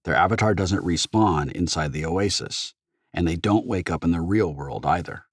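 A man's voice: low voice, normal speed, slightly rough, dry recording, studio quality. A man voicing an anxious, earnest male executive in an audiobook with a shaky, hesitant delivery. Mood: grim.

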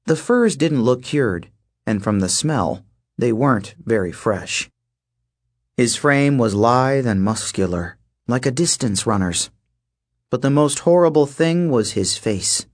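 A man reads an audiobook aloud in a steady, measured storytelling manner. His voice sits in the mid range, and the narration is scripted.

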